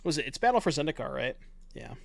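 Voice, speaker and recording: A man's voice: a little high, sing-song, quick pace, creaky, dry recording. A man giving casual commentary on his online card game, thinking aloud in a chatty, self-mocking way and swearing now and then.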